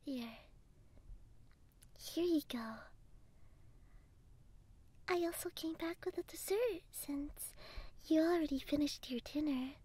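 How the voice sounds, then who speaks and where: A woman voicing a devoted young female android housekeeper in a soft, deferential whispered role-play. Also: high voice.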